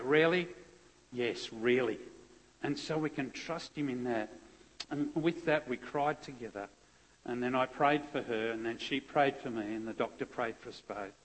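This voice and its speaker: A man's voice: medium pitch, normal speed, fairly bright tone. Man telling a story in an echoey hall. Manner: heartfelt, conversational storytelling with restarts. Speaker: police officer giving a guest testimony. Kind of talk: earnest personal testimony. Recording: long echoey hall reverb.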